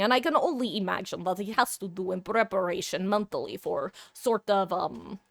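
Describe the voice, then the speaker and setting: A woman's voice: medium pitch, creaky, dry recording. A woman streamer in a casual live-stream chat who rambles, laughs often and pokes fun at herself. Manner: frequent restarts and filler words.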